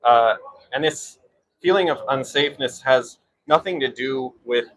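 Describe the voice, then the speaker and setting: A man's voice: mid-range voice, measured pace, a bit bright, distant mic, rough recording. A man on staff at a university giving a rally speech, hesitant with many fillers.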